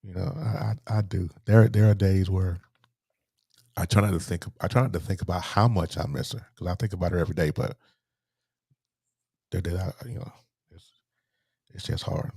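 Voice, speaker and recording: A man, a guest telling a painful personal story in a halting way, repeating words, his voice sinking low and soft. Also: steady tone, vocal fry, husky, dry recording, studio quality. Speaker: interview guest.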